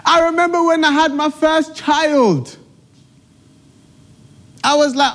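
A man's voice: extremely high pitch, slow, a bit bright. A middle-aged man preaching a sermon with emphatic, repetitive exhortation.

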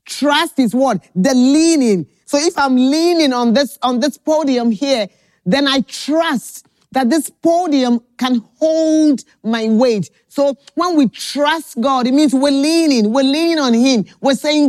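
Slow high-voiced woman preaching. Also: a little mellow, dry recording. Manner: slow, deliberate, repeats key phrases. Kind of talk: sermon. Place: at a podium.

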